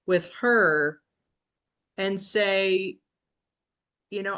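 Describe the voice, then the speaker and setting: A woman's voice: mid-range voice, steady tone, slow, long pauses, pushed and bright. A woman in a casual group video call, talking reflectively and rambling, often restarting and quoting herself. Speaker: book club member.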